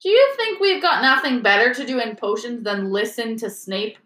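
A woman's voice: fairly high pitch, lively intonation, normal speed, fairly bright tone, pitched above the performer's own voice. A woman voicing a grumpy, sarcastic teenage schoolboy, in an echoey room. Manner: sarcastic, irritable.

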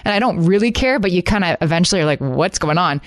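A woman's voice: lowish voice, lively intonation, fast talker, dry recording, clean studio sound. A woman co-hosting a podcast in casual chat, telling stories with laughter and mimicking toddlers. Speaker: podcast co-host.

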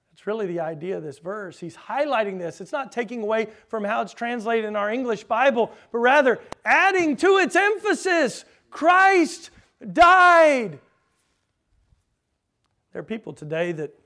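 Man, high voice, sermon, teacherly, quizzes the congregation, drawn-out emphasis on key words. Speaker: preacher.

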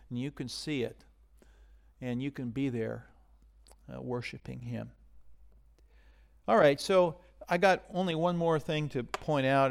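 A male pastor giving a sermon in a conversational way, swinging from loud emphasis down to a near-whisper. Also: medium pitch, gravelly.

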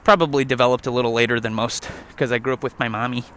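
A man's voice: medium pitch, steady tone, fast, fairly bright tone. A young man rambling and joking with lots of swearing while walking a trail outdoors. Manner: profane, rambling, jokey. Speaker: vlogger. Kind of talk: casual rant while walking.

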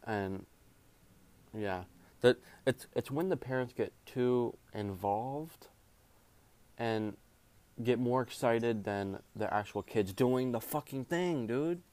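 A man's voice: mid-range voice, animated, slow, darkish tone. A young man, a jiu-jitsu referee, ranting in a casual, rambling way, full of swearing and slang. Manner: profane, rambling, heavy slang.

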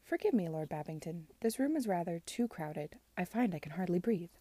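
A woman reading aloud as a young gentlewoman who talks quickly and is flustered, in a storybook reading. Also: high voice, expressive, no echo.

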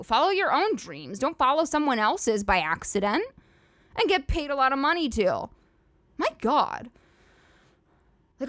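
Young woman host, solo comic podcast, fairly high voice, dry close mic, sarcastic and profane, filler-heavy rambling. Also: fairly bright tone, dry recording. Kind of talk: solo comedic podcast rant.

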